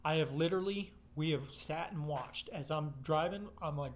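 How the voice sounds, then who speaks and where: A man tells a loose, rambling story from his own life, swearing constantly along the way. His voice sits a little higher than most men's. Faint noise hums behind him. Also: moderate pace. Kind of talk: casual personal storytelling.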